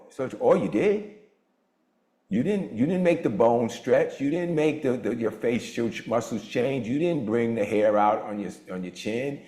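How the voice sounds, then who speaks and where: A man in his sixties hosting a motivational group on a video call, talking with a lively preacher-like cadence. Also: moderate pace, reverberant. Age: 60s. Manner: animated preacher-like cadence, swoops in pitch. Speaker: mastermind group host.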